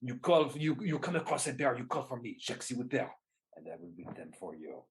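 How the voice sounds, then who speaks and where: Husky, animated storytelling man. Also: medium pitch, fairly quick. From New Jersey and New York. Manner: animated storyteller, laughing easily. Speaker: guest, performer. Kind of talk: casual interview chat.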